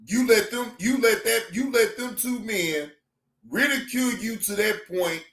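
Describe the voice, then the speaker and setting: A man hosting a reaction channel, excitable and profane, laughing often as he comments. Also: sits high, measured pace, reverberant.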